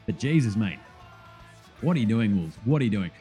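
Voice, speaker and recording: A man with an Australian accent hosting a sports podcast, talking excitedly in casual commentary, laughing and swearing freely. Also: on the low side, brisk, soft background music.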